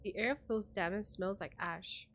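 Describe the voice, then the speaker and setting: Streamer woman, narrating a story game live, measured delivery, mid-pitched voice. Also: a bit bright, soft background music.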